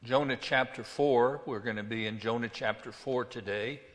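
A man preaching a sermon as pastor, reading scripture slowly and stressing words with emphasis. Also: mid-range voice, fairly bright tone, in a large hall.

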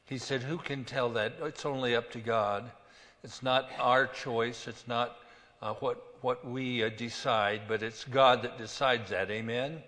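A man preaching a sermon as pastor, reading scripture slowly and stressing words with emphasis. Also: mid-range voice, fairly bright tone, long reverb tail.

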